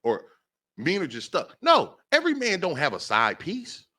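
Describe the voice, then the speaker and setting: A man's voice: fairly high pitch, huge pitch swings, normal speed, bright, forceful tone. A man hosting a talk show, delivering an impassioned monologue and repeating phrases for emphasis. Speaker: podcast host.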